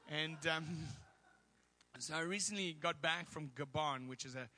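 A pushed, bright voice with a fairly high pitch belongs to a middle-aged man guest-preaching in a church at a normal speed. He tells his own stories in a relaxed, humorous manner, dropping in asides along the way.

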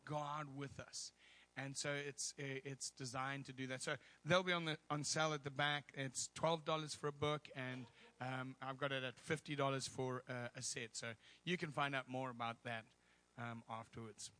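A man's voice: medium pitch, steady tone, normal speed, sharp tone. A middle-aged man preaching as a guest speaker in a church, telling personal stories in a chatty, humorous way. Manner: chatty storytelling with humor and asides.

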